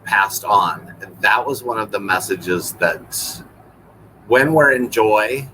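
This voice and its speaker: A man's voice: lowish voice, slow pace, pushed and bright, slight background noise, rough recording. A man appearing as a guest on a live-streamed conversation, chiming in to explain things. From Hawaii.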